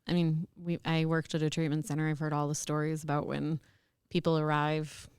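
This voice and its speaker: An easygoing woman with a low voice chats as a podcast guest and laughs easily. Her voice sounds dry and close to the mic. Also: monotone, fairly quick, darkish tone, smooth, no echo. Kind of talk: casual chat. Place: recovery retreat.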